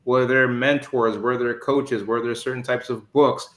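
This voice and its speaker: Slow-talking bright-voiced male host. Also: mid-range voice, fairly even intonation, roomy sound. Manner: slow, casual questioning, says "man". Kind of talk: interview questions.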